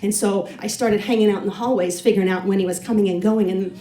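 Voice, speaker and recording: A woman's voice: mid-range voice, steady tone, quick pace, dark tone. A middle-aged woman telling a true story on stage to a live audience, in a chatty, self-deprecating comic way. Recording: roomy hall sound from a distance.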